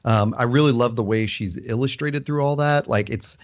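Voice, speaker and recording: A man co-hosting a podcast, talking casually and thoughtfully, often pausing and restarting his sentences. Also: medium pitch. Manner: thoughtful, hesitant, many fillers and restarts. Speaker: podcast co-host. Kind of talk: casual book club discussion.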